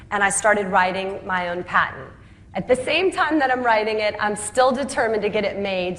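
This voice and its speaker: A woman telling the story of how she built her business, lively and laughing at her own anecdotes. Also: mid-range voice, a little hiss or hum. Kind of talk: storytelling talk. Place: home city Atlanta.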